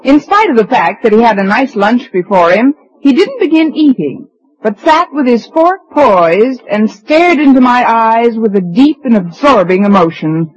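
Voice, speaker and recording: A woman's voice: on the high side, sing-song, moderate pace, husky. An actress playing a dry, sarcastic woman schoolteacher in a 1950s radio sitcom, also narrating. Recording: dull lo-fi old radio recording.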